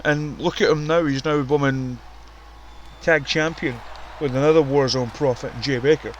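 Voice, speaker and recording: A man giving casual, profane, excitable commentary on a wrestling video game and ranting about the roster. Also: a little high, moderate pace, dull audio, a little hiss or hum. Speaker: commentator and show runner.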